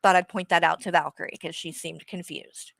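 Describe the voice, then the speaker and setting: Bright-voiced woman ranting bluntly. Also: lowish voice, steady tone, a little fast, gravelly, no room sound. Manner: blunt, sarcastic, swears freely. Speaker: streamer host. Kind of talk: casual rant to viewers.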